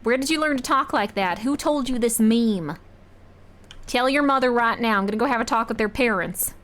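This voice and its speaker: A woman's voice: a little high, normal speed, fairly bright tone, lightly acted. A woman putting on a fussy, scandalized mother scolding her kids in a prim, lecturing way.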